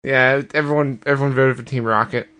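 A male podcast co-host with an ordinary mid-pitched voice. He needles his partner with dry, teasing jokes in casual banter. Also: steady tone, brisk, fairly bright tone.

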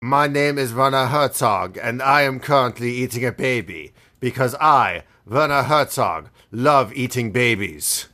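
A man doing a deadpan, grim filmmaker impression. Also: medium pitch. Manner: deadpan, slow, self-announcing. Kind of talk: comedy podcast impression.

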